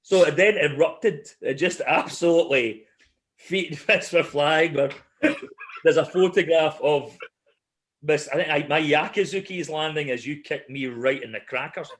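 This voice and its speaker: A man's voice: a little high, moderate pace. A man co-hosting a casual podcast, telling anecdotes animatedly and laughing as he goes. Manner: animated storyteller, laughs through his anecdotes. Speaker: podcast co-host.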